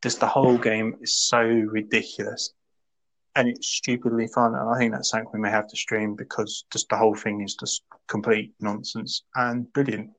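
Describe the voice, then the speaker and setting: A man ranting in casual podcast chat, animated and laughing as he mocks a game. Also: fairly low pitch, normal speed, poor audio. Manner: ranting, animated, laughs a lot, mock voices. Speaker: podcast co-host.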